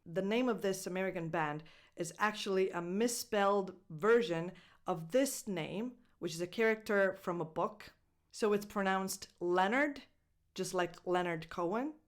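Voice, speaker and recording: A woman with an Italian accent teaching English pronunciation, repeating words slowly and breaking them into syllables. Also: medium pitch. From Italy. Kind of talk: pronunciation lesson.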